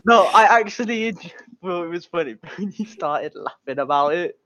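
A man's voice: high voice, animated, moderate pace, fairly bright tone, a little hiss or hum. A man hosting the rounds of a casual podcast, playful and mock-grand, laughing often. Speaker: podcast host running the rounds. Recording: dull lo-fi mic.

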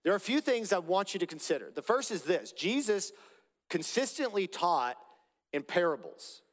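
Man preaching a deliberate sermon, slightly high voice. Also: long reverb tail. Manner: deliberate, emphatic, repeats key phrases. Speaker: pastor.

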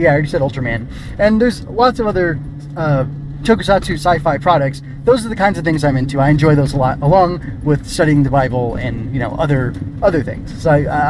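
A man's voice: fairly high pitch, darkish tone, slight background noise. A man who writes books, talking casually and thinking aloud, rambling with many fillers and self-corrections in a pedantic way. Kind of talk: casual solo talk.

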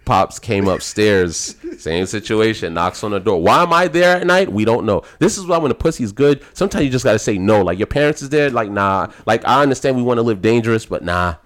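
Animated man telling a wild story. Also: brisk, few pauses. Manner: animated, profane, jumps up in pitch for emphasis. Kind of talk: casual storytelling chat.

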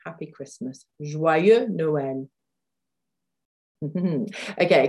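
A woman from the UK teaching vocabulary in a podcast lesson, chatty with fillers, slowing down to repeat words carefully. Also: low voice, animated, dark tone, breathy edge. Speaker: French teacher.

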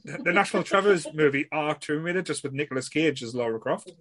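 A man's voice: on the high side, brisk, a bit bright, no room sound. A man hosting a podcast in casual chat, rambling with restarts and blunt swearing. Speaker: podcast host.

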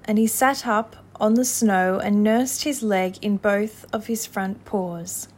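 A woman narrating a classic storybook in an expressive, measured reading voice. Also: medium pitch, breathy edge.

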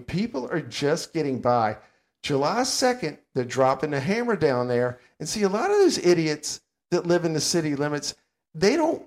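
An older man, co-hosting a casual podcast and ranting bluntly and sarcastically. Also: on the high side. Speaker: podcast co-host.

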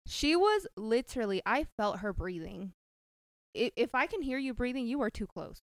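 A woman's voice: fairly high pitch, big pitch swings, normal speed, dry recording. A sassy young woman talking bluntly in a casual podcast chat. She is full of slang and sure of herself, with a dry, close sound. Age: young adult. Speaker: guest.

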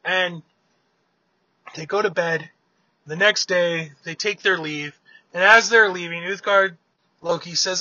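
A man's voice: high voice, sharp tone, dry recording, muffled recording. Man casually retelling a myth. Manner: chatty, with quick restarts. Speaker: storyteller.

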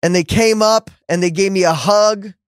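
A man's voice: high-pitched, moderate pace, clear, resonant tone, no echo, studio quality. A man hosting a podcast, chatting casually, affirming his guest and telling a story. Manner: affirming, lots of mm-hmms, storytelling. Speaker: podcast host. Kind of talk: casual conversation.

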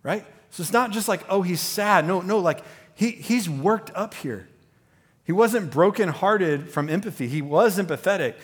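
A man preaching a sermon as pastor, talking conversationally with many fillers and restarts, growing animated as he goes. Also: high voice, moderate pace, husky.

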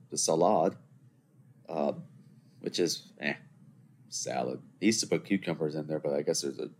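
Chatty young man with a low voice. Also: darkish tone, slight background noise. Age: 20s. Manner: rambling, chatty, joking asides to listeners. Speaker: podcast host. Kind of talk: solo podcast monologue. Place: seated at a computer indoors.

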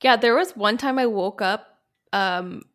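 A woman co-hosting a casual podcast chat. She tells stories animatedly, acts out quotes with big pitch jumps, and fills her speech with "like". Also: measured pace, fairly bright tone. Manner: heavy use of "like" as filler. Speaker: podcast co-host.

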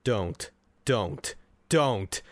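A man's voice: on the low side, animated, drawn-out words, no echo, studio quality, faint music behind. A man hosting a podcast, ranting and swearing in exasperation as he reacts to a movie into a desk microphone. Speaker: podcast host. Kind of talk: profane movie-reaction rant.

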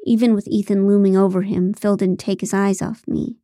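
A woman reading an audiobook aloud in the first person, even and wry in her delivery. Her voice is mellow and warm, never bright. It is recorded dry and close in a booth. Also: medium pitch, fairly quick, few pauses, no echo. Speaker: audiobook narrator. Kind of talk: scripted narration.

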